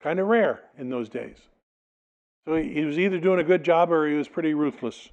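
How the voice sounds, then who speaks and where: A man's voice: on the high side, brisk, darkish tone, lo-fi sound. A male pastor preaching a sermon, reading a passage aloud and explaining it, sometimes acting out the people in it. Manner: expository preaching, reads scripture then explains it, dramatizes quotes.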